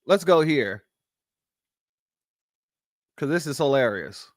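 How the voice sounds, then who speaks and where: A man's voice: a little high, expressive, slow pace, dry recording, clean studio sound. A man hosting a reaction commentary show, mocking and incredulous as he talks back at clips. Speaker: commentary host.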